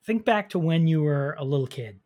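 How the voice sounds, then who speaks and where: A man co-hosting a casual movie podcast, telling scenes with animated energy and quick laughs. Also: fairly high pitch. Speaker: podcast co-host. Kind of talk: casual movie review chat.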